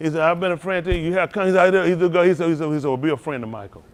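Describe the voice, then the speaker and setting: A man preaching a sermon, rousing and conversational, swinging between loud calls and hushed asides. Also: a little high, racing. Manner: rousing call-and-response preaching, Southern Black church cadence. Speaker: pastor.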